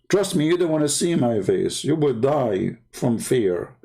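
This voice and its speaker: A man's voice: on the high side, measured pace, few pauses, mellow. Taunting man with a tinged voice. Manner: taunting, sarcastic, repeats words for emphasis. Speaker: online debate host. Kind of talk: mocking monologue.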